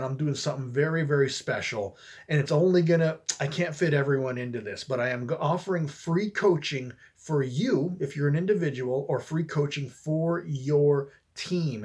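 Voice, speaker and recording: A man talking through a sales approach in a relaxed, conversational coaching style, with frequent fillers and restarts. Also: on the high side, breathy edge. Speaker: network marketing coach. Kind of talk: casual coaching talk to camera.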